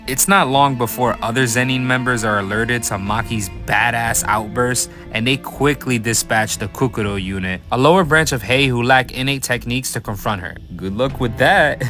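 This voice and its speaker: A man's voice: mid-range voice, sharp tone. A man narrating an anime story recap as commentary, swearing freely and tossing hyped, sarcastic asides to his viewers.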